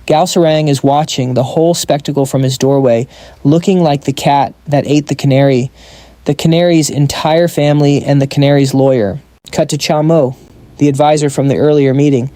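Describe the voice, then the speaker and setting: A man's voice: on the high side, steady tone, normal speed, dark tone, no room sound. A man narrating a comic story recap in a scripted style, dropping wry joking asides.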